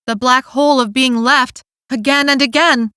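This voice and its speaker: A woman narrating an audiobook in a steady, clear storytelling manner, recorded on a studio mic. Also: sits high, normal speed, no room sound. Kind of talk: scripted narration.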